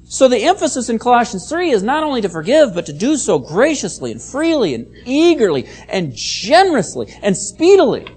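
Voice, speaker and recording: Lively, emphatic preacher giving a sermon. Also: mid-range voice, fairly quick, few pauses, husky. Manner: emphatic, repeats key phrases; explains Bible words and reads scripture aloud. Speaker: pastor.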